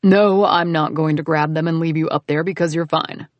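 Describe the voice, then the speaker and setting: A woman narrating an audiobook, voicing a grouchy, growly young man who is protective and gruff. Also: low-pitched, fairly even intonation, moderate pace, no room sound, lo-fi sound, natural voice. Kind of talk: audiobook character voice.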